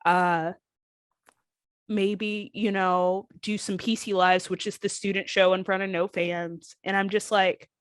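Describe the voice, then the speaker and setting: A woman's voice: medium pitch, little pitch movement, unhurried, smooth, no room sound. A woman in her thirties speaks candidly in an interview, her voice emotional as she recounts her story. She slips into others' voices to quote them. The recording is dry and close. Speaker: guest, former pro wrestler.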